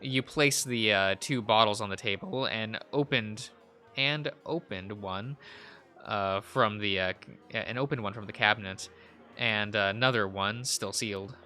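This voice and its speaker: Young man, let's play host, reading game text, halting, bright tone, faint background music. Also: on the low side. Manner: halting, many fillers and restarts. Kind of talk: reading a visual novel aloud.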